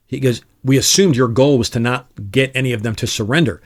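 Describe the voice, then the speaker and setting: Middle-aged man, retired officer, lively storyteller with a mid-range voice who voices the people in his anecdotes, relaxed interview delivery. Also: mid-range voice, brisk. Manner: animated storyteller who acts out quoted dialogue. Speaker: retired Army Special Forces officer, guest.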